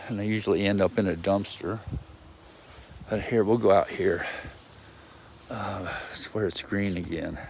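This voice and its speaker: This vlogger's voice is on the low side and darkish, with slight background noise, as he records a casual video message outdoors in a yard on a handheld phone. His talk wanders, full of ums, restarts, and self-interruptions.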